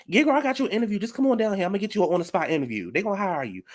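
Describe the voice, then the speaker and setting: A man voicing a brash woman friend who pushes her buddy to come get a job, talking fast and pushy. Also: high voice, sing-song, voice pushed up. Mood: urging.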